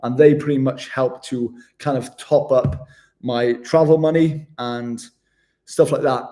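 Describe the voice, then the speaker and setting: A man's voice: mid-range voice, steady tone, unhurried, dark tone. A man chatting casually with viewers on a live stream, laid-back and matey, calling everyone mate. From Wales. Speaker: travel vlogger hosting a live stream.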